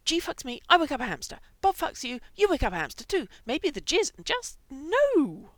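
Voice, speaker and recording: A woman voicing a dramatic, crude young man turned into a hamster, blurting things out loudly. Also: sits high, fairly quick, dry recording, voice pushed up. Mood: gleeful. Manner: loud, excitable, blurting.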